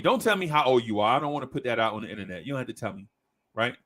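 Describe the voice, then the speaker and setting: A man hosting a casual podcast, telling a story in a slangy, animated way and checking in with "right?" as he goes. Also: medium pitch, racing. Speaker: podcast host.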